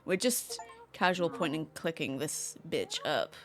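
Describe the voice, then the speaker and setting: A woman's voice: sits low, animated, a little slow. A woman streaming a casual game from home, chatting playfully and talking to the cats on screen. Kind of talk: casual gameplay commentary.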